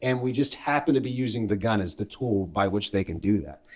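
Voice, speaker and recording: A man's voice: fairly low pitch, animated, brisk. A man co-hosting a podcast, explaining his views on teaching in a thoughtful, mentoring way. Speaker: co-host, instructor. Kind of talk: casual podcast chat.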